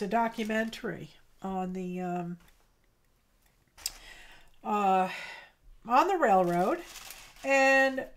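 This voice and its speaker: Slow-talking woman crafting on a livestream. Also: medium pitch. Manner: slow, halting and heartfelt, reading chat aloud. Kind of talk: casual livestream chat while crafting. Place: home craft studio.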